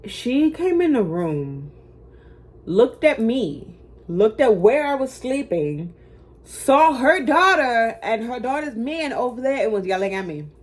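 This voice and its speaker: Slightly high and sing-song, this young woman's voice takes its time. She's a storytime vlogger recounting something personal to camera: blunt, slangy, freely profane, and quick to poke fun at herself.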